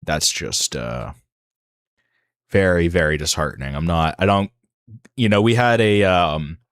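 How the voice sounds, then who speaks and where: Deep-voiced rambling livestream host, man. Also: a bit bright, smooth, no room sound, studio quality. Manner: rambling, halting, many fillers and restarts. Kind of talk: casual livestream monologue.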